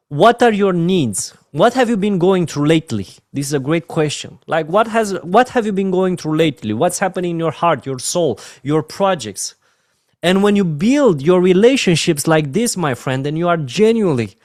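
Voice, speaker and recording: An emotional man with a Romanian accent leads a motivational training session, pleading and heartfelt. His voice sits fairly high for a man, and the sound is dry and close. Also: expressive, moderate pace, no echo. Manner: earnest, emotional, repeats "my friends" softly. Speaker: network marketing trainer.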